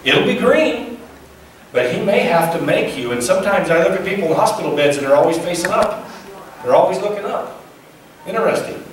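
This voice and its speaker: A man's voice: high voice, animated, fairly quick, slight background noise. A male pastor preaching a sermon in a folksy, conversational way, asking his listeners questions. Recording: echoey church sound from a distant mic.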